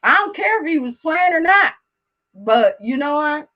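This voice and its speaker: A woman with a high, sing-song voice speaks at a normal pace, and the audio sounds dull. She's hosting her own live stream, chatting casually with viewers and then ranting heatedly at one of them, swearing a lot and repeating herself for emphasis.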